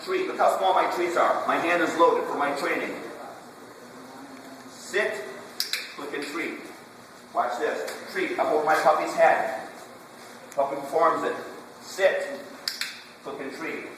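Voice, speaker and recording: A man's voice: on the high side, measured pace, long pauses. Echoey distant man coaching a puppy class. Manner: drill-like, quizzing the class, repeating commands. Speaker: dog trainer. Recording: echoey hall, distant camera, room noise.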